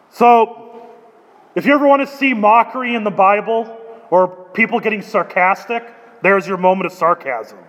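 A man's voice: high voice, moderate pace, fairly bright tone. A man preaching a sermon, reading scripture and adding explanatory asides with wry sarcasm. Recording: long reverb in a large hall.

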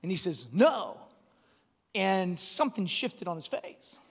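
A pastor preaching a sermon, telling a family story with lots of restarts and animated delivery. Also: male voice, high-pitched, normal speed, vocal fry, slight background noise. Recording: long hall reverb.

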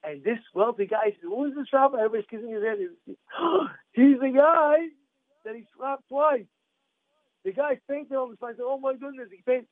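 A man giving a storytelling sermon as a rabbi, animated and repetitive, acting out voices in his stories. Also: very high voice, brisk, no echo. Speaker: rabbi giving a Torah class. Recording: dry, phone-like narrow sound.

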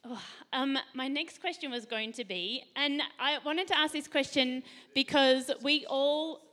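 A middle-aged woman hosts a faith talk panel in a chatty way and laughs easily. Her voice sits a little high and sounds very bright. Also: a little slow. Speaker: host.

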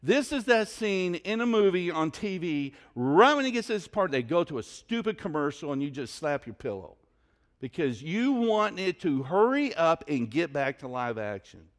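A pastor preaching a sermon, telling a story in an animated, conversational way. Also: male voice, a little high, moderate pace.

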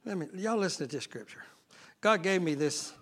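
A male pastor preaching a sermon, swelling into loud shouted passages. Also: high-pitched, expressive, brisk. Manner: preaching with sudden shouted surges and folksy Southern-style talk.

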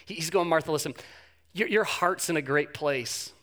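A man voicing a calm, gentle male teacher, speaking softly and reassuringly. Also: fairly high pitch, fast talker, natural voice. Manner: soft, soothing, reassuring.

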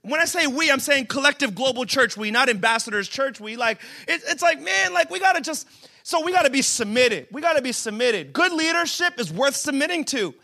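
Vocal fry runs through this pastor's very high-pitched, animated voice as he preaches a little fast. His humorous sermon at a church service stays conversational, with jokes for the room building into emphatic shouts.

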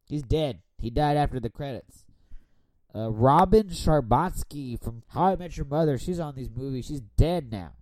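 A man's voice: medium pitch, animated, normal speed, a little mellow, no room sound. A man hosting a podcast while tipsy, talking in a rambling, profane, casual way. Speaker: podcast host. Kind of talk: casual chat. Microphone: borrowed studio microphone.

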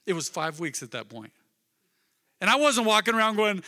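A male pastor preaching a sermon in a church, swinging from loud emphatic bursts to soft, intimate murmurs. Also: sits high, big pitch swings, normal speed, pauses often. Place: church sanctuary. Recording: long reverb of a large hall.

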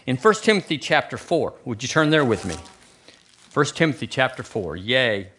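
A man's voice: medium pitch, very animated, moderate pace, a bit bright, slight background noise. A man preaching a conversational sermon in a church, asking the congregation rhetorical questions. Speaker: pastor. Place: church sanctuary.

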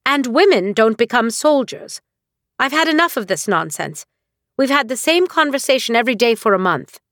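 A woman's voice: fairly high pitch, big pitch swings, normal speed, a bit bright, no echo, clean studio sound, pitched above the performer's own voice. A woman voicing a stern aristocratic mother who speaks in cold, clipped, dismissive lines in an audiobook. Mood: icy. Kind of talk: audiobook character reading.

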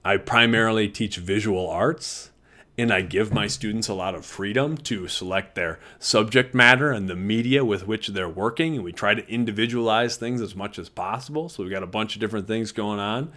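A man's voice: mid-range voice, lively intonation, normal speed, a bit bright. A man who teaches visual arts, talking earnestly and conversationally to fellow teachers and laughing easily.

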